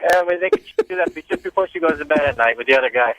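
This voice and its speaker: Rapid-talking joking male caller. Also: on the high side, expressive, fairly bright tone, dry recording, rough recording. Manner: joking, self-deprecating. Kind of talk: call-in chat. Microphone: telephone.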